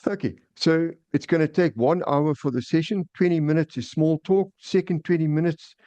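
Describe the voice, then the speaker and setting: Meeting host, man, slightly high, mellow, stumbling restarts, dull dry call sound. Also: moderate pace, no room sound. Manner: repetitive, stammering restarts. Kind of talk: online meeting presentation. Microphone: video call.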